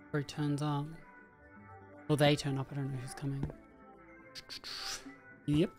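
A deep, darkish voice with a completely flat delivery belongs to a gaming streamer who plays a horror game at an unhurried pace. In casual let's-play style she thinks aloud and speaks to the characters, with faint game music behind her.

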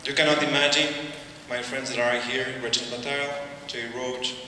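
A middle-aged man with a Mexican Spanish accent gives a halting acceptance speech with joking asides, often repeating his words. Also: medium pitch, level tone, over a noisy crowd, very noisy. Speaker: award recipient giving an acceptance speech. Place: large hall at an awards ceremony. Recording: echoey hall, voice from far off.

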